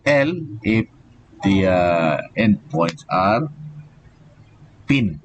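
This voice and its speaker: A deep-voiced man teaches an engineering class live, in no hurry. He talks in halting steps and keeps saying "okay" and "so". A faint hiss sits under his voice. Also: lively intonation. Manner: slow, halting explanation with many "okay" and "so" fillers. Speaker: engineering professor. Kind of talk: live online lecture.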